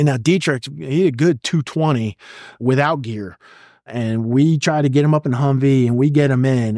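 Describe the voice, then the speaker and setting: A man's voice: medium pitch, dry recording, studio quality. A middle-aged man, a retired army sergeant major, telling intense combat stories as a guest in an interview, blunt and profane. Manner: blunt, profane and vivid, acting out shouted orders. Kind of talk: intense war storytelling in a podcast interview.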